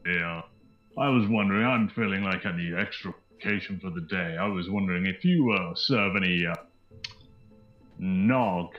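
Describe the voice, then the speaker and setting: A man's voice: sits low, moderate pace, reverberant, dull audio, soft background music, natural voice. A man voicing a polite, fussy trunked creature cleric who talks hesitantly. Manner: hesitant, genteel, full of hesitations.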